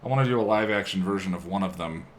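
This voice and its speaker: A man's voice: sits low, quick pace, slight background noise. A man live-streaming his video editing, chatting casually with viewers and muttering to himself while he works at a home desk.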